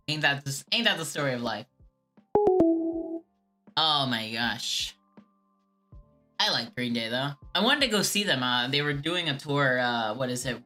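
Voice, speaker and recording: A woman streamer rambles through chat questions in a laid-back way, in a voice she herself calls whiny. It's bass, with big pitch swings, a slightly slow pace, long pauses and a sharp tone, over faint background music.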